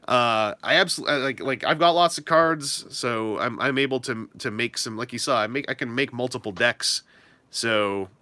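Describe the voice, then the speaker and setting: A young man chats loosely to his livestream audience, rambling with lots of "uh" and "like". His voice is bright and very lively in pitch. He sounds dry and close to the mic. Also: no echo. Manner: rambling, self-deprecating, lots of fillers. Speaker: streamer. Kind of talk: casual livestream chat.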